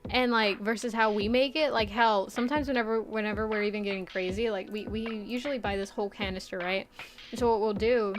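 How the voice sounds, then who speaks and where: A young woman from the Midwest streaming a casual chat, animated and chatty, laughing often as she reads chat aloud. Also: medium pitch, brisk, over music. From Midwest United States.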